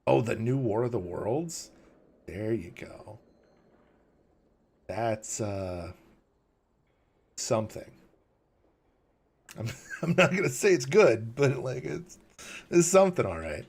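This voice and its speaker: A man's voice: mid-range voice, sing-song, slow pace, vocal fry, pauses often, husky. A man hosting a livestream, rambling casually, chuckling and reading chat questions aloud, tired in the early morning. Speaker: livestream host.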